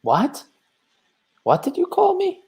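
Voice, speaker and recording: A man voicing a blunt, quick-tempered male landowner who talks in scorn and mockery, in a stage play read over a video call. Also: medium pitch, expressive, vocal fry, dull audio. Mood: indignant. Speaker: actor in a live online reading.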